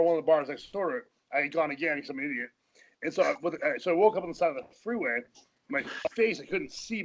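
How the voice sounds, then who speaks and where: A podcast guest in a casual interview tells rambling, profane stories, often laughing mid-sentence. His voice is a little high, and the recording quality is low.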